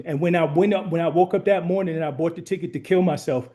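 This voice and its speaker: A man's voice: a little high, quick pace, mellow. A man in his forties, a guest speaker giving a heartfelt motivational talk with earnest, emphatic repetition. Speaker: guest speaker, former runner.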